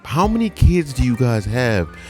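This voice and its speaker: A male host giving slangy, animated reaction commentary, with frequent laughing asides. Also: medium pitch, moderate pace, faint music behind.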